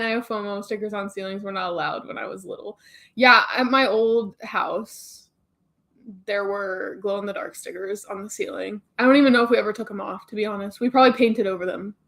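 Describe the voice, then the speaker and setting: A woman's voice: a little high, fairly quick, a bit bright. A young woman hosting a casual reading live stream, chatting and answering viewer comments. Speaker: booktube host reading live chat.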